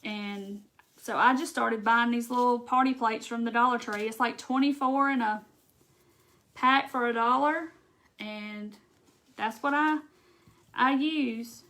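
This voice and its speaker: Speaking at a measured pace with long pauses, this woman has a slightly high, fairly bright voice and steady tone. She's a craft livestream host from Mississippi with a Southern accent, chatting casually through a live demo, reading viewer comments aloud and saying "y'all."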